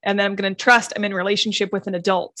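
A woman's voice: medium pitch, level tone, fast talker, pushed and bright, no room sound. A woman co-hosting a casual chat, self-deprecating and laughing often.

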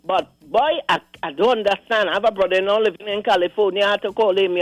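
A woman with a Trinidadian accent calling in to a radio show, animated and indignant, acting out the voices she quotes. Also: medium pitch, fast talker, hardly any pauses, no room sound, poor audio. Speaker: caller. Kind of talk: call-in radio commentary. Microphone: phone line.

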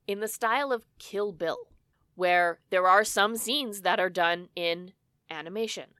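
A woman co-hosting a book club podcast, enthusiastic and quick to gush in casual chat. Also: mid-range voice, steady tone, bright, forceful tone, smooth, no echo, studio quality. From Canada. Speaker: podcast co-host.

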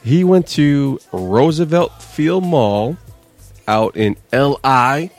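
A man's voice: medium pitch, expressive, takes it slowly, soft background music. A man co-hosting a wrestling podcast in casual chat, telling loose, profane stories. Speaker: podcast co-host.

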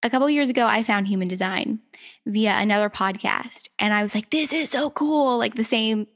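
A woman's voice: medium pitch, steady tone, fairly quick, fairly bright tone. A woman hosting a podcast in casual conversation, upbeat and laughing easily. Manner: upbeat, laughs often, chatty. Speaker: podcast host.

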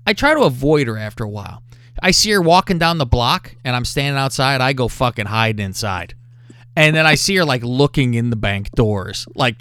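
A man's voice: mid-range voice, no room sound. A man hosting a podcast, telling crude stories with constant swearing. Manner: profane, animated and full of swearing. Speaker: podcast host. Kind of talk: crude storytelling.

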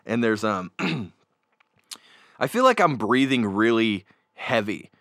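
A man hosting a casual chat show, telling stories in a rambling, animated way with many fillers, close on a desk microphone. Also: fairly low pitch, takes it slowly, no echo. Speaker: podcast host. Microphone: new desk microphone.

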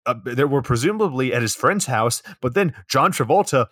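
Male podcast co-host, profane and sarcastic, mid-pitched, dry booth sound. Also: lively intonation, normal speed, fairly bright tone, dry recording. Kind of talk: casual comedic movie recap.

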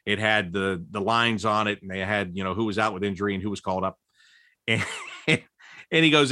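A man telling old team stories in an interview, laughing often and jumping high in pitch when he quotes people. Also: moderate pace, dry recording, studio quality. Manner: animated, laughing storyteller with big pitch jumps when quoting. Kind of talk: storytelling interview.

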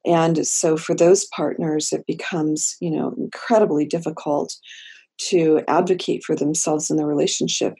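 A woman therapist speaking in a podcast interview, slow and deliberate with gentle emphasis. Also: deep voice, vocal fry, husky. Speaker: therapist and guest.

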